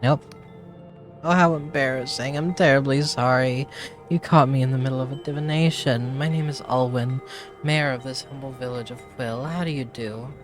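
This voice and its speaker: A man's voice: medium pitch, steady tone, normal speed, natural voice. Dude doing a nervous lady mayor in a fantasy game, polite, fretful, rambles, slightly raised voice, faint music behind. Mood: flustered. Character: flustered woman village mayor, nervous and rambling.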